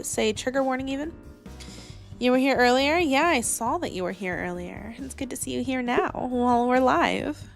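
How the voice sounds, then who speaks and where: A woman's voice: on the high side, creaky. A woman VTuber streamer in casual live-stream chat from her attic on a new microphone, rambling and greeting viewers by name. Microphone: new studio microphone.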